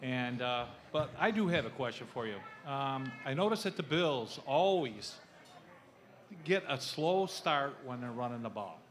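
A man's voice: medium pitch, lively intonation, a little slow. A man, a fan at a live show, asking a player a question in a rambling, hesitant way. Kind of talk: casual chat.

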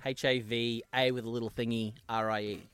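A man's voice: medium pitch, little pitch movement, fairly quick, fairly bright tone, clear, resonant tone, dry recording, soft background music. A man co-hosting a podcast in casual chat, laughing often and breaking off and restarting his sentences. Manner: laughs a lot, trails off and restarts. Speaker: podcast co-host.

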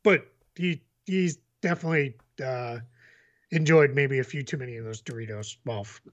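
A man's voice: mid-range voice, normal speed, lo-fi sound. A man co-hosting a sports podcast, chatting casually with lots of fillers. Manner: chatty, many fillers, laughs easily. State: hiccups. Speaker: podcast co-host.

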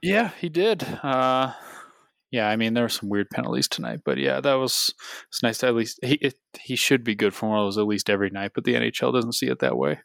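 A man's voice: medium pitch, big pitch swings, brisk, gravelly, a bit bright, dry recording. A man co-hosting a podcast, thinking aloud in a loose, casual way about a game. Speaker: podcast co-host. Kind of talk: casual sports analysis chat.

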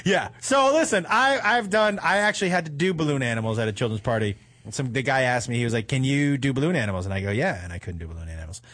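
A man's voice: mid-range voice, expressive, quick pace, fairly bright tone. A middle-aged man hosting a radio talk show, telling funny self-deprecating stories and swearing freely. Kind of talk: casual storytelling chat.

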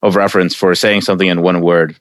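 A man's voice: sits low, quick pace, no echo. A man from Russia in casual conversation, talking with lots of fillers and frequent laughs. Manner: animated, laughs often, many fillers. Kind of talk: casual chat.

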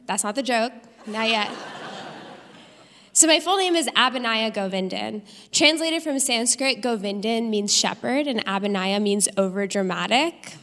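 A young woman performing a live stand-up comedy set with an animated, punchy delivery in front of an audience. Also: on the high side, a little slow. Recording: live stage recording with long hall reverb.

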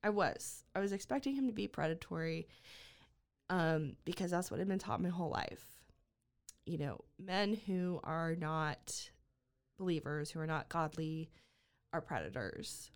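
A woman guest on a podcast telling a personal story in an earnest, halting way, with many fillers and restarts. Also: deep voice, smooth.

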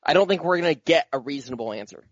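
Measured, easygoing sports podcast man. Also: a little high, animated, no echo. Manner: measured, laughs easily, explains reasoning. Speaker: podcast co-host. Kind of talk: casual sports banter. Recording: dull, lo-fi, dry studio sound.

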